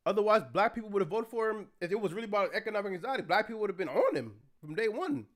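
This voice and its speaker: Profane, indignant high-voiced man. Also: very animated, rapid-fire. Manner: profane, indignant, rants and shouts in anger. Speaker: streamer reacting to an article. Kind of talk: heated political commentary stream.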